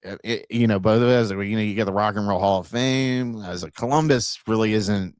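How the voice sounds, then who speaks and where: A man from Ohio hosting a podcast, telling stories in a loose, animated way and acting out the dialogue, with casual swearing. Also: fairly low pitch, a little fast, clear, resonant tone, dry recording, clean studio sound. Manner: animated storyteller who acts out dialogue and swears freely. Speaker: podcast host.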